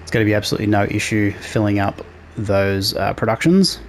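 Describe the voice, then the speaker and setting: A man hosting a casual let's play, relaxed and talking through each task as he plays. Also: lowish voice, a little fast, a little hiss or hum. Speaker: gaming channel host.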